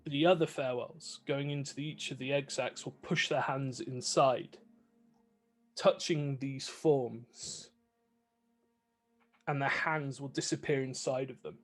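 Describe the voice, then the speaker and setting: A man's voice: medium pitch, fairly even intonation, measured pace, faint music behind. A man narrating a tabletop game as game master, vivid with many fillers.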